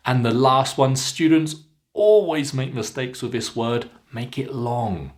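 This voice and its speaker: A man with a Southern British accent teaching a pronunciation lesson, stretching out clear model words with careful emphasis. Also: mid-range voice, expressive, measured pace. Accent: Southern British English. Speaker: pronunciation coach. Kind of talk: slow, deliberate pronunciation lesson.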